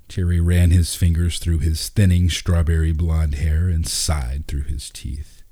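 Brief: calm male narrator for a storybook, deep and mellow. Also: a little slow, hardly any pauses. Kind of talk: storybook reading.

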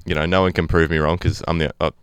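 A man's voice: very deep voice, flat delivery, fast, a bit bright, clean tone, no room sound. A young man co-hosting a radio show, chatting casually, joking and laughing often and drifting into musing asides. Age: young adult. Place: radio studio. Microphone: studio microphone.

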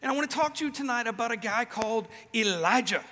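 High-voiced bright man preaching. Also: expressive, fast, long reverb tail. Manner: casual, joking storyteller with restarts. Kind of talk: sermon. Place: large event venue with a band.

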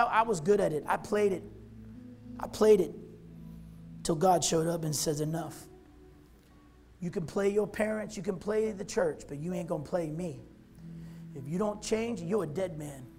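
A male pastor giving a fervent altar-call sermon, repeating phrases and rising to loud shouts. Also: high voice, moderate pace, soft background music.

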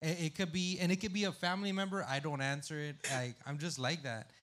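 Loud, joking man with a higher voice. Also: steady tone, quick pace, noisy background. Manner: loud, swearing, jumps between joking and confessional. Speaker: podcast co-host. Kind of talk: casual podcast banter.

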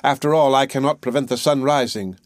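A man's voice: medium pitch, steady tone, brisk, no room sound, studio quality, lightly acted. A man reading the part of a proud, greedy fisherman's wife who issues imperious demands. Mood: demanding.

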